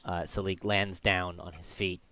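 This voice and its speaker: A man's voice: sits low, level tone, measured pace, bright, forceful tone. A man running a tabletop game as game master, narrating the scene with frequent ums and uhs.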